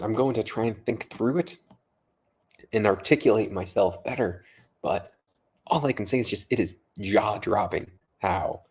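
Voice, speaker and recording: A man's voice: fairly low pitch, darkish tone, husky. A man vlogging late at night, a little tipsy from vodka, rambling, swearing and repeating himself in amazement. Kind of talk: casual late-night vlog monologue.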